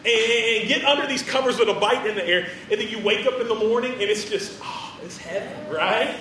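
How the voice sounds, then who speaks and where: A man preaching an animated, playful sermon to students, acting out the people in his story. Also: sits high, fairly quick, slight background noise. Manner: animated, playful, acts out quotes. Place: large room with audience. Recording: roomy hall, distant from mic.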